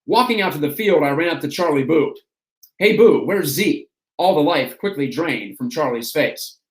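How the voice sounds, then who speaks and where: A man reads a memoir aloud in a steady, storytelling way. His voice sits somewhat high, and the room gives it a noticeable echo. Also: normal speed. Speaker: host reading aloud. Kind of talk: reading an autobiography aloud. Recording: roomy echo.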